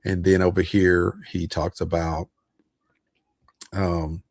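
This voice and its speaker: A man with a very low, gravelly voice talks casually on a livestream about investing. His tone is husky and he chats loosely, with plenty of fillers and chuckles. The sound is close and dry. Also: flat delivery, slow pace, no echo. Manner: loose and chatty, many fillers, chuckles often. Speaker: online host talking about investments.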